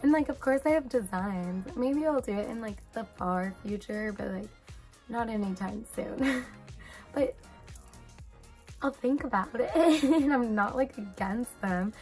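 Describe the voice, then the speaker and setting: Young adult woman vlogger, chatty storyteller, animated retelling, mid-range voice, soft music bed. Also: medium pitch, a little slow. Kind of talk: casual storytime chat.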